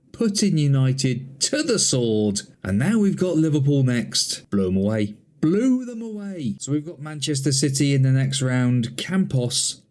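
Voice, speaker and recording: A man's voice: mid-range voice, mellow. A man playing a football management game, commenting on the matches in chatty mock broadcast style and talking to an imaginary co-commentator. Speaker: gaming channel host.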